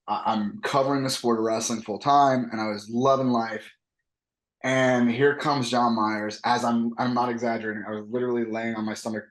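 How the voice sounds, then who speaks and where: A man's voice: lowish voice, reverberant. A man in his thirties, a wrestling coach, telling stories casually in an interview and acting out the voices of the people he quotes. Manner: animated, acts out quoted voices. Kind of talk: casual interview talk, lively storytelling.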